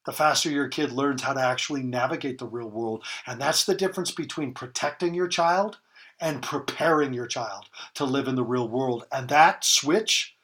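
A podcast interview features a man in his fifties with a mid-range, slightly bright voice at a moderate pace. He gives parenting advice in an emphatic, conversational way, repeating key phrases for stress.

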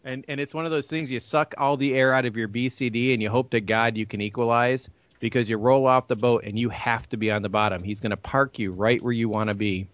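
A man hosting a casual online chat, telling rambling, animated anecdotes with frequent restarts. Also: medium pitch, a little fast, hardly any pauses, no room sound. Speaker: podcast host. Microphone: call over the internet. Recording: muffled lo-fi online call.

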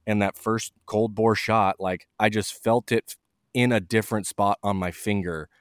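A man chatting in a relaxed, rambling, self-deprecating way on a podcast. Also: lowish voice, normal speed, clear, resonant tone, no echo, studio quality. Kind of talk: casual podcast talk.

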